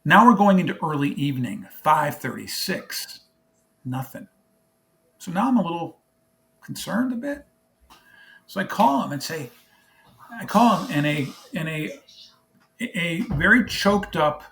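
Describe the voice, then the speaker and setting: A man's voice: on the high side, gravelly, fairly bright tone. A middle-aged man, a charity founder, telling an emotional story in an interview and acting out both sides of a phone call.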